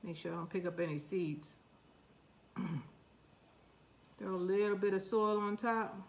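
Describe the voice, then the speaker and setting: A woman's voice: medium pitch, unhurried. Chatty woman with a New York accent. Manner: chatty, talks to herself and her seeds, playful. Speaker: gardening vlogger. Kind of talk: casual gardening vlog, talking while working.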